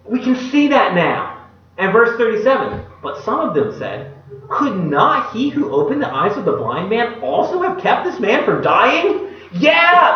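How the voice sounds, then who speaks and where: A male pastor giving a sermon and reading scripture aloud. He acts out the quoted speech in a casual modern voice and drops to a hushed voice at solemn moments. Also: sits high, sing-song, a little slow, a little hiss or hum. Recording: echoey hall, distant mic, dull sound.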